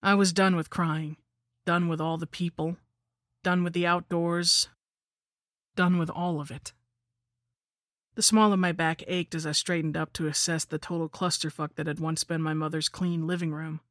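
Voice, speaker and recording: A man's voice: on the high side, flat delivery, moderate pace, fairly bright tone, no room sound, clean studio sound. A man reading a first-person horror story aloud with a wry, storytelling manner. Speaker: narrator. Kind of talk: scripted horror story narration.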